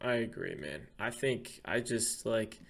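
A man co-hosting a casual fight-betting podcast, excitable and profane, hyping up his picks. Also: on the low side, a little slow, gravelly. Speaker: podcast co-host. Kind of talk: casual chat.

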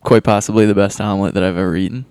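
A man's voice: on the low side, steady tone, rapid-fire, a little mellow. A man tasting a family breakfast, easygoing and a little hesitant when he has to pick a favorite. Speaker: guest taster. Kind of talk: casual family chat.

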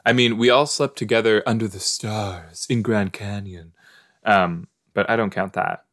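A man's voice: lowish voice, unhurried, fairly bright tone, no echo, studio quality. A man hosting a podcast, chatting casually and musing aloud as he reacts to a show playing in front of him. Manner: chatty, musing, talks to the screen. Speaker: podcast host. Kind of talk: casual reaction commentary while watching a show.

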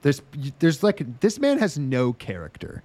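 A man's voice: a little high, wildly swooping pitch, measured pace, darkish tone, no echo. A man hosting a casual podcast, recapping with sarcastic, profane rants and mocking put-on voices. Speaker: podcast host.

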